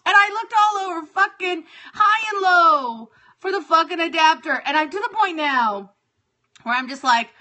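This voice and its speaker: A woman in her thirties, high-pitched and bright, venting on a phone livestream. She swears freely and swings between loud outbursts and quiet muttering. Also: expressive, moderate pace. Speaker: livestream host. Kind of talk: casual livestream rant.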